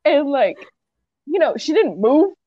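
A young woman with a high, lively voice that leaps around as she tells a wild story, swearing freely. Her sound is dry and a little dull, like a lo-fi mic. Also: measured pace, dry recording. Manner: profane, excitable storytelling. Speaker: co-host. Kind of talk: casual chat.

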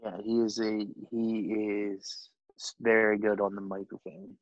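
A man's voice: on the low side, flat delivery, unhurried, no room sound. A young man co-hosting a podcast in casual chat, opinionated and laughing at himself. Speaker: podcast co-host. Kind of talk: casual chat about pro wrestling. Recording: dry, dull lo-fi recording.

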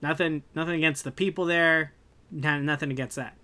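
A young man in casual podcast chat, animated and ranting, swearing freely as he rants. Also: on the high side, fairly quick. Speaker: podcast co-host.

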